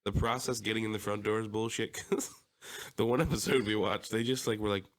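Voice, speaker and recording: Brief: male podcast co-host, Philadelphia accent, low-ish voice, swears and laughs through his stories. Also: fairly even intonation, fairly quick. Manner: laughs while telling stories, swears casually. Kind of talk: casual chat.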